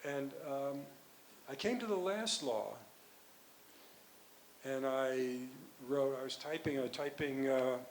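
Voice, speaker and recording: An older man, a physician and author, answering audience questions at a conference in a rambling, halting way with many restarts. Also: medium pitch, a little hiss or hum, low-quality recording. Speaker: guest speaker, physician and author.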